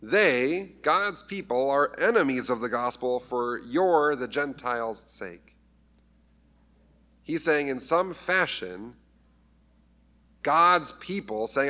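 Male pastor, casual sermon, mid-pitched, playful with acted scripture voices. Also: animated, slow, pauses often, bright, forceful tone. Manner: conversational, acts out scripture voices with humor.

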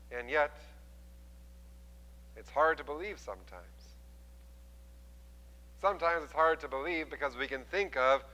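A man preaching a sermon as a pastor, telling the story with animated delivery and acting out the quoted voices. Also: mid-range voice, in a large hall, lo-fi sound.

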